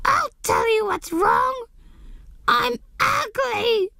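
A woman doing a wailing, squeaky New weka bird. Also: very animated, a little slow, gravelly, no echo, studio quality, exaggerated voice. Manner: wailing, tearful, drawn out. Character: vain male weka bird, self-pitying and wailing. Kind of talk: storybook reading.

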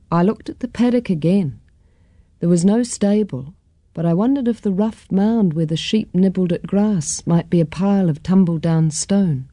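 A woman reading a children's story aloud in a gentle, expressive way. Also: fairly low pitch, moderate pace, dry recording, studio quality. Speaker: storybook reader.

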